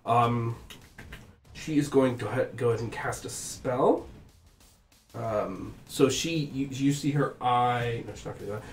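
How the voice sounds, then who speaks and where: Guy game master, halting and full of ums, echoey room with music under. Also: mid-range voice. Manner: halting, hesitant, many fillers. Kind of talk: narrating a tabletop game.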